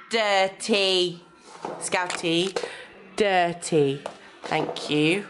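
A young adult woman from Cheshire, England, films a casual vlog in her home living room, coaxing her baby with sing-song baby talk and chatting to the camera. Her medium-pitched voice has a lively lilt and an unhurried pace with long pauses. There's noticeable background noise. She's both vlogger and mother.

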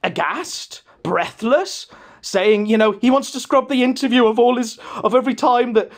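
A man's voice: extremely high pitch, moderate pace. A man hosting a podcast, ranting in a mocking, scornful way. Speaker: podcast host. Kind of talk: casual ranting commentary.

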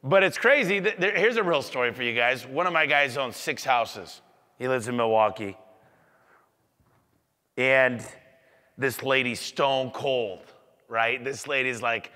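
A man giving an energetic motivational business talk to an audience, acting out sales conversations as he goes. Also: on the high side, normal speed. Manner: energetic, acts out customer dialogue. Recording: echoey hall.

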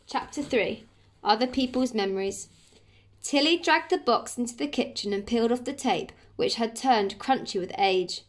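English teacher reading a story aloud. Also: female voice, on the high side, expressive, moderate pace. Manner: friendly, explains as she reads. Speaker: primary school teacher.

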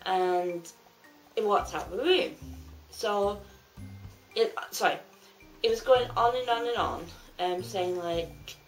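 A woman's voice: medium pitch, slow pace, pauses often, soft background music, rough recording. A woman vlogger telling a story casually, rambling and restarting with plenty of fillers.

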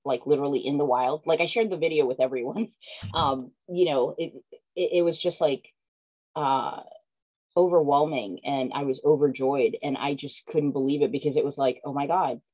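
Woman author guest, low-pitched and mellow, chatty and excitable. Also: moderate pace, rough recording. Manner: excited, animated storytelling with lots of fillers. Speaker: picture book author, guest. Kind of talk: casual video-call interview.

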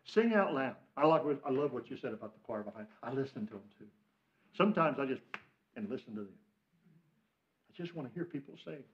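An older man with an American Midwestern accent, preaching a fervent sermon as pastor, swinging from loud exhortation to hushed asides. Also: medium pitch, animated, fairly quick, long pauses, highs cut off. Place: church sanctuary.

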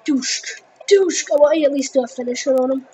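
Teen girl, high pitched, excitable gameplay commentary, rambling, faint background hum. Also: brisk, rough recording. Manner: excitable, rambling, full of fillers. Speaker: gaming video host.

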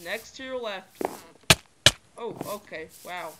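A male host giving casual game commentary with friends, excitable and yelling when surprised. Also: high voice, slow, crowd noise. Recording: noisy home mic with clicks.

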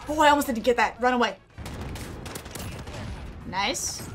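A woman streamer giving excitable, chatty commentary over her own gameplay, often gasping and exclaiming. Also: a little high, unhurried. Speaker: gaming streamer. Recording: game music and gunfire behind.

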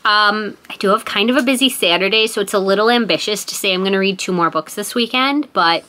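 A bright-voiced young woman talks casually to her viewers, chatty and enthusiastic. Her tone is crisp and forward, easygoing in a book vlog setting. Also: mid-range voice, a little fast. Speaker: book vlogger.

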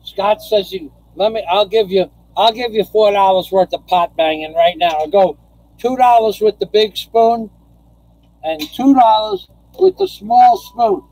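A man with a notably high voice hosts a casual live stream from home. He chats loosely with viewers, laughs often and breaks into profane rants. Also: unhurried, a little mellow, no echo, rough recording. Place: home in the Philippines.

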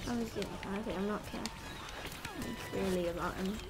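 Excitable woman doing game commentary. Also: mid-range voice, moderate pace. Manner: excitable, trash-talking, lots of "literally" and "like". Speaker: gamer. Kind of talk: casual gameplay commentary. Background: game music.

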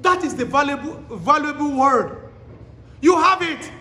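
Man, preacher, sermon, very high voice, pleading, exhorting, quizzes the crowd, echoey hall. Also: unhurried. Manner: fervent, pleading exhortation with shouted repeated commands; quizzes the congregation directly. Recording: echoey hall with long reverb.

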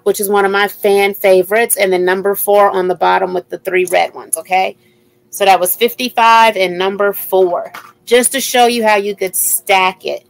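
A woman's voice: mid-range voice, creaky, poor audio. A woman hosting a live jewelry sale, chatting casually and repeating item numbers as she shows each piece. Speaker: live-stream jewelry seller. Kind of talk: casual live sales chat.

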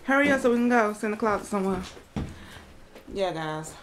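A woman's voice: medium pitch, lively intonation, a little fast. Teasing woman vlogging at home. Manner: teasing, laughs often. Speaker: vlog host and mother. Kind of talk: casual family vlog chat. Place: family home, indoors. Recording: noisy home recording.

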